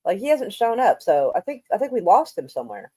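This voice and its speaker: A woman's voice: mid-range voice, very animated, brisk, dark tone, husky, no room sound. A woman hosting a casual live stream, rambling offhand and swearing now and then. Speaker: streamer host.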